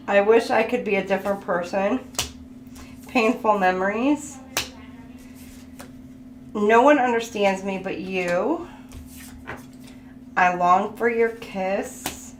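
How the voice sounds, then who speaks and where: Woman tarot reader, casual, slow-paced and chatty, recorded in an echoey room. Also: mid-range voice. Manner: chatty, laughs, thinks aloud. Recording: echoey room with background noise.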